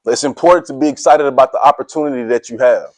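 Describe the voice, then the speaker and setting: Middle-aged male motivational speaker, casual and energetic, quizzes the team, mid-pitched voice, no room echo. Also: fast talker. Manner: energetic, casual slang, quizzes listeners, laughs often. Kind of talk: motivational talk to a sports team.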